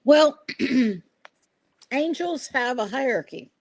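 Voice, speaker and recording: A woman's voice: sits high, lively intonation, extremely slow, darkish tone, no room sound. An older woman hosting a podcast, telling stories in an earnest, rambling way with restarts. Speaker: podcast host. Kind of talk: casual podcast conversation.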